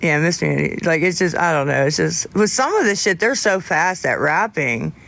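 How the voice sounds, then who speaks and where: A man's voice: fairly high pitch, lively intonation, normal speed, vocal fry, bright, forceful tone. A man chatting casually with livestream viewers in a candid, rambling way, often restarting his sentences.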